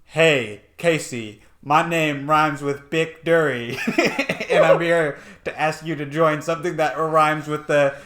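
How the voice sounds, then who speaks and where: A man's voice: fairly high pitch, fairly even intonation, takes it slowly, few pauses, fairly bright tone. A man jokingly voicing a spoof of a male superhero spy chief, breaking into laughter as he talks. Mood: mock-serious.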